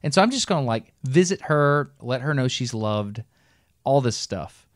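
A middle-aged man co-hosting a podcast, telling a long story in a casual, animated way and breaking into laughs as he goes. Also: medium pitch, normal speed, no room sound, clean studio sound. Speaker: podcast co-host.

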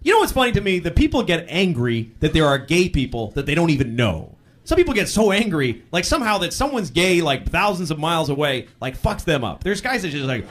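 A male comedian telling stories in a stand-up set, shouting out the lines of people he acts out. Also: a little high, fast, few pauses, slight background noise. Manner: animated storytelling, shouting acted-out quotes. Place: comedy stage. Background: audience laughter.

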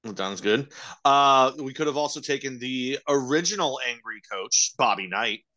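A young man co-hosting a casual podcast, laid-back and jokey, tossing out quick asides. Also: mid-range voice, expressive, sharp tone. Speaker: podcast co-host. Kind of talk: casual chat.

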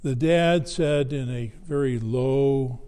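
A man preaching a sermon, telling a story slowly and deliberately with long pauses. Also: medium pitch, mellow, clear, resonant tone. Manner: slow, measured storytelling with dramatic pauses. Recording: long hall reverb.

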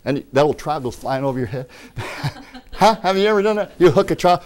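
A man preaching a lively sermon, acting out quoted voices and laughing along the way. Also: fairly high pitch, normal speed, pauses often.

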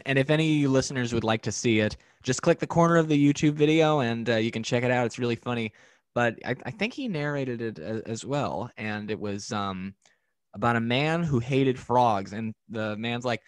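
A man's voice: medium pitch, a little fast, no room sound. A male podcast host chatting casually and retelling a cartoon with enthusiasm. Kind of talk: casual interview chat.

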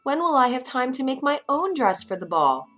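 A woman reading aloud puts on a gentle young girl from a bedtime fairytale, her voice lifted well above the reader's own, sweet and soft, reaching up to high notes. soft music plays faintly underneath. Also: very animated, moderate pace. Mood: wistful. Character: young kind mistreated girl, hopeful.

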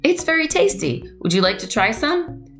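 A woman voicing a friendly, cheerful alien creature in a storybook, speaking in a high, bubbly and welcoming way. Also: very animated, moderate pace, fairly bright tone, faint music behind, exaggerated voice.

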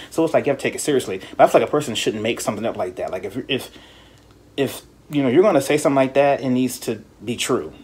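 A man hosting a podcast in casual chat, telling stories in an animated, profane way and mimicking people in high voices. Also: a little hiss or hum. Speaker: podcast host.

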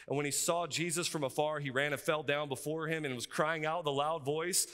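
High, bright preacher man. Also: a little fast, few pauses, clean tone. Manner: energetic, conversational preaching with frequent asides. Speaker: pastor. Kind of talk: sermon. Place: seminary chapel. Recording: reverberant hall.

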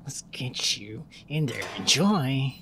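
A man giving casual commentary on a horror game playthrough. He curses a lot and jokes, and at times he taunts the game's monster in a loud, high voice. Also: steady tone, moderate pace, noisy background. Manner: profane, taunting, joking. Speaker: gaming YouTuber. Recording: game music behind the voice.

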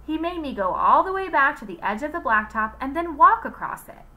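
A woman's voice: high voice, sing-song, brisk, sharp tone, pitched above the performer's own voice, full character voice. A woman reading aloud as a young schoolboy, speaking in a whiny, complaining way.

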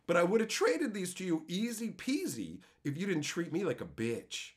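A man's voice: high-pitched, normal speed, hardly any pauses. A man streaming as he opens card packs, telling heated, profane stories in a casual way. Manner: animated, puts on voices for quotes. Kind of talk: casual storytelling.

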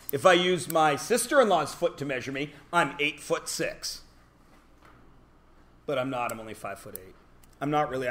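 A man's voice: fairly high pitch, sharp tone. A male teacher giving a joking, self-deprecating classroom lecture to his students.

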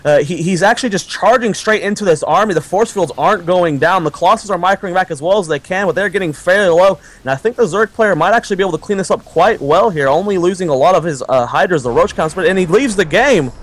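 A young man giving quick, halting commentary on a strategy game as a guest caster. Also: sits high.

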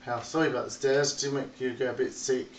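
A man's voice: mid-range voice, fairly even intonation, brisk, slight background noise. A man giving a chatty, rambling tour of his game world and calling playfully to his animals. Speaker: video game tour guide. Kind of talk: casual narrated game walkthrough. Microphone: phone recording. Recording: echoey phone recording from a distance.

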